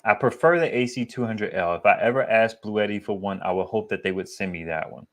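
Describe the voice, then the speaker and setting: A man with a deep, bassy voice chatting casually to his viewers about solar gear, rambling and slangy. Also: fairly quick, a bit bright. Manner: rambling, digressive, slangy and candid. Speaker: solar equipment YouTuber. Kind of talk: casual vlog chat.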